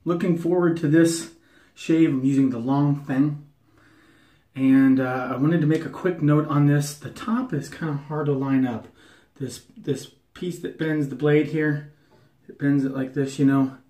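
An American man talks through his shaving routine in a loose, jokey way, stopping for fillers and restarts. His voice sits a bit high, and the bathroom tiles make the sound echoey. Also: steady tone, unhurried, warm tone. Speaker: wet shaving YouTuber. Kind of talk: casual shaving vlog talk to camera. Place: bathroom at the sink.

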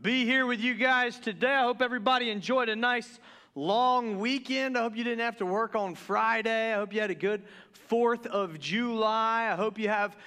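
A pastor preaching in a relaxed, joking way, often stumbling and restarting as his excitement runs ahead of him. His voice sits high for a man and comes through smooth and resonant. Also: moderate pace. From Deep South of the US. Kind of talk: casual sermon. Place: church sanctuary.

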